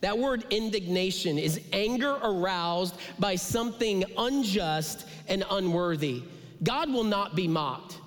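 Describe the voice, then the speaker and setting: Male pastor, high pitch, preaching with passion in a big echoing sanctuary; drops low and soft for emphasis. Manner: impassioned preaching with dramatic pitch drops and whispered asides. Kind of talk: sermon. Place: large church sanctuary. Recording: long hall reverb.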